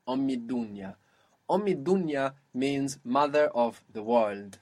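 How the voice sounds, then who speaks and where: A man teaching a one-on-one spoken language lesson, patiently explaining and modelling words slowly. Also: medium pitch, darkish tone.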